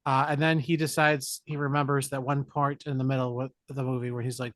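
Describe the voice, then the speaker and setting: A man's voice: mid-range voice, fairly quick, few pauses, no room sound, studio quality. A man co-hosting a podcast, casually and jokingly retelling a film plot and acting out the characters' lines. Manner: animated, jokey retelling with put-on character lines. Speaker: podcast co-host. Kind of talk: casual movie recap chat.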